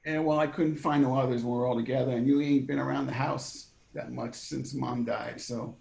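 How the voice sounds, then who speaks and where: A blunt, stammering New Jersey brother. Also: male voice, medium pitch, steady tone, normal speed, vocal fry, darkish tone. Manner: blunt, stammering, working-class. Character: rough, blunt grieving younger brother, middle-aged. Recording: roomy echo.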